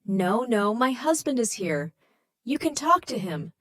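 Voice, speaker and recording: Woman narrator playing an anxious agitated wife, raised high voice, dry audiobook recording. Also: very animated, a little slow, dry recording. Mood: upset. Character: worried woman woken by a late call.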